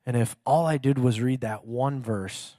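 A man's voice: medium pitch, measured pace, dark tone, no echo, studio quality. A man preaching a casual sermon in a chatty, self-mocking way, laughing often.

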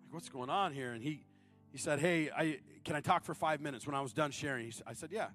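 A man in his thirties preaching a sermon, moving between loud, high-pitched appeals and low, confiding storytelling. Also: fast talker, soft background music. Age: 30s. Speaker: guest preacher.

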